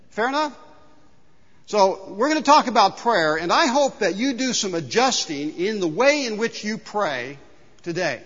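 A man preaching a sermon as pastor in a church, telling a folksy story with lively exclaimed punchlines. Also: high-pitched, long reverb tail, dull audio. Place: church sanctuary.

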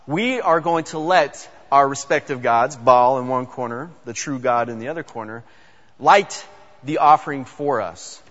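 A man's voice: medium pitch, moderate pace, fairly bright tone, natural voice. A man playing Elijah, a confident prophet. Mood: assured. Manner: casual, modern phrasing, repeats words. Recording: dull sound with long hall reverb.

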